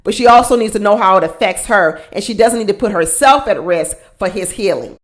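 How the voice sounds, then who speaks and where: A woman's voice: mid-range voice, animated, brisk. A woman hosting a casual reality show recap, blunt and sassy, often repeating her points for emphasis.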